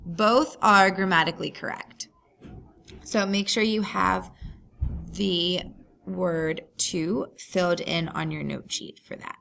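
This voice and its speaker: A woman's voice: fairly low pitch, steady tone, slow, creaky, a bit bright. A woman teacher talking through a recorded grammar lesson, patient and explaining step by step.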